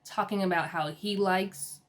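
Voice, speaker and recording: A woman recapping a reality TV episode in a casual, sassy and animated way, with slang and laughter. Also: medium pitch, unhurried. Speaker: TV episode reviewer.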